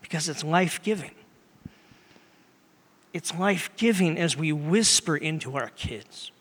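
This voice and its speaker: A man preaching a sermon as pastor, earnest and conversational, dropping to a hush at times and rising loud at others. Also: fairly high pitch, unhurried, husky. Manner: conversational and earnest, shifting between loud and hushed. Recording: long hall reverb.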